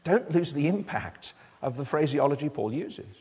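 Preacher with an airy voice in a reverberant church. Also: male voice, a little high, lively intonation, moderate pace, warm tone, husky. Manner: conversational, asks the congregation tag questions; restarts and stammers on words. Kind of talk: sermon. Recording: long hall reverb.

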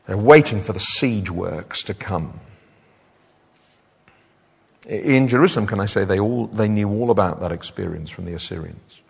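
A man preaching a sermon, animated and often repeating words as he builds up. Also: on the low side, normal speed, creaky, long pauses, breathy edge. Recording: hall reverb.

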